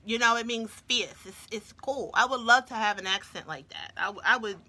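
A woman's voice: fairly high pitch, animated, brisk, bright, forceful tone. A woman vlogger chatting playfully to her viewers while she eats, talking between bites. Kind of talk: casual chat to viewers while eating.

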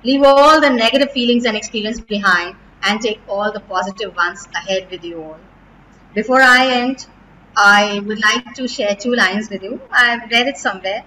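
A middle-aged woman with an Indian English accent, a school principal giving a heartfelt farewell to graduating students, emotional and close to tears, often pausing and restarting. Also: medium pitch, pushed and bright, slight background noise, poor audio. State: near tears.

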